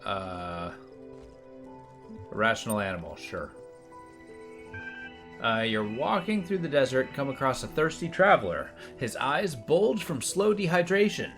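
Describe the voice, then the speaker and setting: A man's voice: mid-range voice, very animated, measured pace, long pauses, fairly bright tone, soft background music. A man streaming a puzzle game, commenting casually and reading the on-screen text aloud with offhand remarks.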